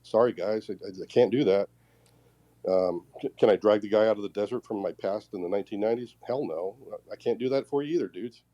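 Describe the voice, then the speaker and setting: A man with a low, mellow voice and a dry, close sound. He rambles loosely and pokes fun at himself. The talk is casual and unscripted. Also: fast talker, no room sound, lo-fi sound. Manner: rambling, self-deprecating. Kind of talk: casual spoken remarks.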